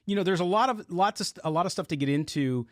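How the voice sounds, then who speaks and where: A man's voice: high-pitched, animated, fast, no echo. A man hosting a live postgame sports show from his home studio, talking conversationally and leading the segment. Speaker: host.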